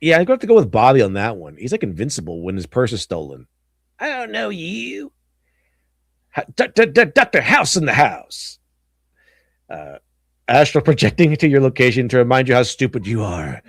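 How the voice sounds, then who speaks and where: A man's voice: mid-range voice, sing-song, brisk, no room sound, clean studio sound. A man hosting a casual livestream, reading memes aloud, laughing often and slipping into silly voices. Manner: giggly, goofy, slips into silly voices. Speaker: stream host.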